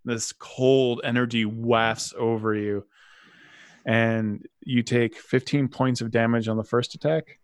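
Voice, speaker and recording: A man narrates a tabletop game as game master, calling out attacks and damage in a matter-of-fact way. His voice sits at an ordinary pitch. It is recorded close and dry, with no room sound. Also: fairly even intonation, measured pace, clear, resonant tone, no room sound. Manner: matter-of-fact, apologetic when dealing damage.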